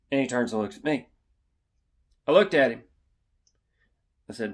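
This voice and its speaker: Animated young man telling a story. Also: mid-range voice, moderate pace. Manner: animated, yells out quoted lines. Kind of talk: casual anecdote telling.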